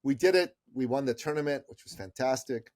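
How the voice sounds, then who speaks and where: A man's voice: medium pitch, fairly quick, darkish tone, dry recording, clean studio sound. A middle-aged man telling a story as an interview guest, in an emphatic, persuasive way. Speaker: podcast guest.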